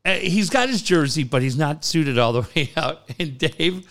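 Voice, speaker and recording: A man's voice: on the high side, lively intonation, moderate pace, fairly bright tone. A man co-hosting a podcast, telling stories in a casual chat, swearing freely and laughing as he goes. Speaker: podcast co-host.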